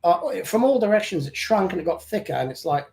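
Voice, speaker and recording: A man's voice: high voice, sing-song, fairly quick, vocal fry, darkish tone, poor audio. A man from the UK with a British accent that has picked up some Australian, joking and reading viewer comments as co-host of a live chat. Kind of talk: casual live-stream chat.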